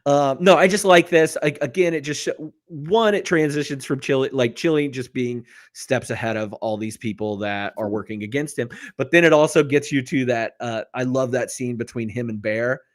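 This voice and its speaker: A man's voice: medium pitch, moderate pace, hardly any pauses. A man co-hosting a movie podcast, laid-back and chatty, who laughs often and trails off mid-sentence. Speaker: podcast co-host. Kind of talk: casual chat about a movie.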